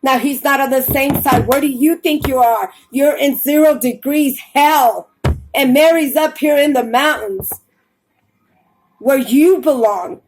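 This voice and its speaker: Fervent woman preaching, high voice. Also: measured pace, a little mellow, faint music behind, low-quality recording. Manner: fervent, urgent, repetitive warnings. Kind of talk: preaching a Bible reading.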